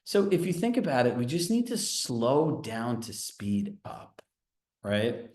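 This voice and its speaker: Brief: male sales coach, lively storytelling, roomy echo, mid pitch. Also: slow pace. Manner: animated, storytelling, asks the audience questions. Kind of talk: training session talk.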